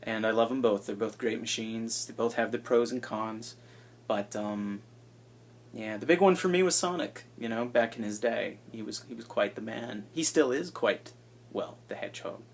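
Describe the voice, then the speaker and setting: A man in his twenties chatting casually and self-deprecatingly, with hushed asides, into an iPad held at arm's length. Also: medium pitch, normal speed. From United States. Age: 20s. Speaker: vlogger introducing himself. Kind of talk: casual rambling chat.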